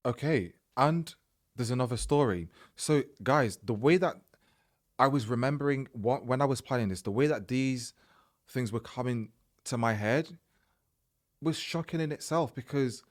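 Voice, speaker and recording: A man hosting a podcast, telling a personal story in a casual, animated way and acting out the dialogue. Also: medium pitch, moderate pace. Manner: animated, retells events by acting out quoted dialogue. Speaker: podcast host.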